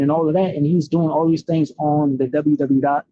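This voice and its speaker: A man's voice: fairly high pitch, steady tone, a little fast, few pauses, dark tone, muffled recording, slight background noise. Man reading and commenting on scripture. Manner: many fillers and "right?" tags. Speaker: bible teacher.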